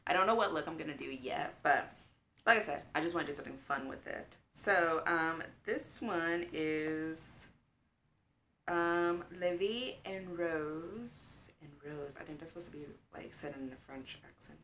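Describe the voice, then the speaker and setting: Young female beauty vlogger, low-pitched, casual and gushing, lots of "um" and "like", faint hiss. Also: moderate pace, bright, forceful tone. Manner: chatty and gushing, with many fillers like "um" and "like". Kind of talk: casual makeup tutorial chat.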